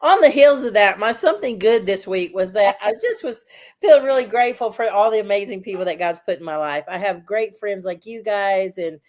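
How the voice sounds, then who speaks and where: A Southern woman hosts a relaxed podcast chat at an ordinary mid pitch. She teases her co-hosts and chuckles between her lines. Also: a little fast. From Southern United States. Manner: teasing, chuckling. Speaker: host.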